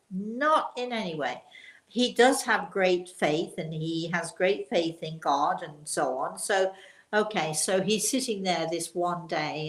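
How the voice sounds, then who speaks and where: A woman's voice: on the low side, a bit bright. Chatty older woman telling a story. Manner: chatty, rambling anecdote with restarts and quoted dialogue. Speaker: spiritual teacher. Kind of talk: storytelling talk. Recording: roomy echo.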